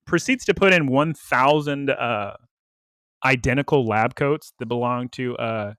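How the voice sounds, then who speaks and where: A man co-hosting a casual podcast, animatedly retelling a cartoon episode with quick quoted voices and laughs. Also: mid-range voice, a bit bright, smooth, dry recording, clean studio sound. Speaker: podcast co-host.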